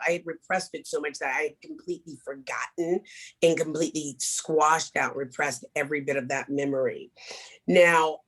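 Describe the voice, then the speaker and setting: A woman speaker leading a small group workshop, talking openly and animatedly and getting everyone to repeat affirmations. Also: low voice. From Kansas. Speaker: motivational speaker. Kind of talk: interactive workshop talk.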